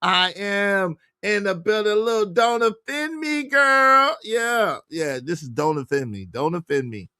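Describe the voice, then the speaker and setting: A man's voice: high-pitched, a little slow, hardly any pauses, sharp tone, smooth, no room sound, clean studio sound. A man hosting a casual livestream, reading viewer comments aloud and calling out guests and viewers by name. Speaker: show host.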